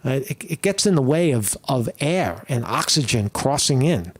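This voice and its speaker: A man's voice: mid-range voice, sing-song, moderate pace, breathy edge. A man hosting a casual solo commentary show, rambling and swearing often, repeating himself and asking "right?" to make his points. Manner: profane, rambling, restarts often. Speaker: podcast host. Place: at home.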